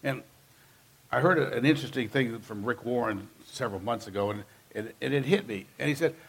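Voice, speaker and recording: A man's voice: mid-range voice, fairly quick, breathy edge. A man preaching a sermon as pastor, talking to the congregation in an emphatic, conversational way and driving points home with repeated phrases.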